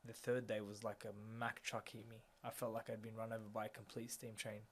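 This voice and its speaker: A man's voice: on the low side, level tone, brisk, fairly bright tone, a little hiss or hum. A man in his thirties, an interview guest, earnestly telling a personal story and retelling scenes through quoted dialogue, with many fillers. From Australia.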